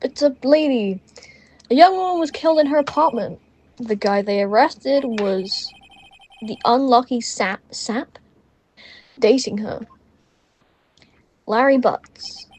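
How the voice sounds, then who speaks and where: An earnest young male rookie defense lawyer tells his story, read plainly by an English woman. The voice sits fairly high and keeps an English accent, recorded on a phone. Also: a little mellow, low-quality recording. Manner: plain reading-aloud delivery.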